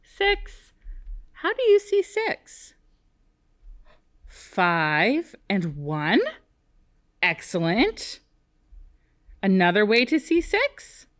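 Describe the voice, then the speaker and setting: Woman, first grade TV teacher; slow, lilting, lively pitch. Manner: slow, animated, sing-song teacher talk with big pitch swings. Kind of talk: TV classroom lesson for young children.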